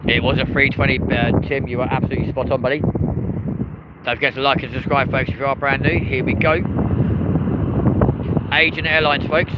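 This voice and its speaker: A man's voice: mid-range voice, flat delivery, normal speed, pauses often. A man hosting a live plane-spotting stream outdoors by an airport runway, chatting casually with viewers and cheering the planes on. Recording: loud wind and traffic noise.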